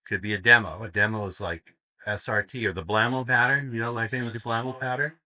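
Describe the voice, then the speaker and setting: A man's voice: mid-range voice, steady tone, brisk, sharp tone, no echo. A man giving a live seminar talk, telling crude jokes as stories and laughing at his own punchlines. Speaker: seminar speaker. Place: seminar room with audience.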